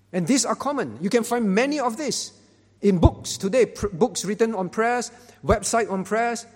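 This is a man preaching a sermon in a high-pitched voice. He leans hard on stressed words and repeats phrases as he builds each point. His voice carries a long, echoing reverb, as if filling a large hall. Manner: emphatic, rising to loud stresses. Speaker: pastor.

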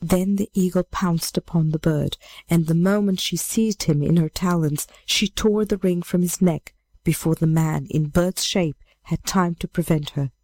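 A woman reads an old fairy tale aloud at a measured, steady pace. Her voice is low and mellow, and the close recording is dry with no room sound. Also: no echo. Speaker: storyteller.

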